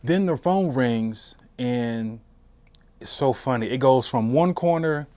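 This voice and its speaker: A man's voice: medium pitch, expressive, slow, dry recording. A man, a military veteran, recounts his service in an oral history interview, talking casually with fillers and restarts. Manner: conversational, many fillers and restarts. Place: interview room at a history center.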